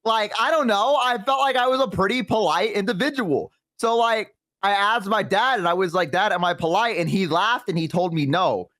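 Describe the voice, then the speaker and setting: A man telling rambling stories in a casual chat, swearing and laughing loudly. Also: sits high, normal speed, few pauses, no room sound. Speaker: guest on a stream.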